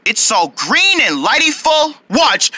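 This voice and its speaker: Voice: sits high, very animated, slow pace, bright, forceful tone, exaggerated voice. A performer voicing a vain boy who boasts about his green hair, in a cartoon. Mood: boastful. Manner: boastful, self-admiring. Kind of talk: hobby cartoon voice acting.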